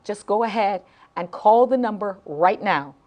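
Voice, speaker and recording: A woman's voice: medium pitch, animated, unhurried, darkish tone. A middle-aged woman hosting a live late-night talk show, heartfelt and emotional, repeating phrases and stumbling over her words as she talks to viewers.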